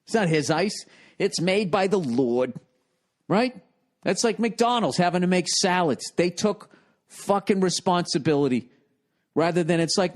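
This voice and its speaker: A man's voice: high voice, expressive, a little slow. A man in his forties from the United States, a comedian hosting his own podcast, telling a rambling story in a profane, exasperated way. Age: 40s.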